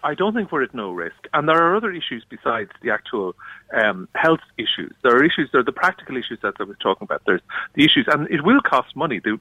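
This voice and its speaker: Irish male guest, halting and earnest, bright tone, muffled phone-in sound. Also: medium pitch, sing-song, breathy edge, no echo. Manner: earnest, halting with many restarts. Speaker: union official guest. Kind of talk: radio interview.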